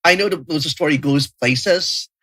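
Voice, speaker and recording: A man's voice: fairly high pitch, measured pace, sharp tone, no room sound, poor audio. Wry, joking male podcast co-host. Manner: wry, joking, stumbling restarts. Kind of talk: casual chat.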